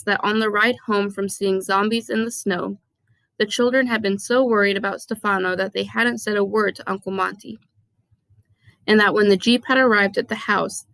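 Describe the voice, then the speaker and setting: A woman's voice: mid-range voice, a bit bright, dry recording, low-quality recording. A woman reading a children's novel aloud, narrating chapter by chapter with chatty asides and the odd stumble over rare words. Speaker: audiobook reader.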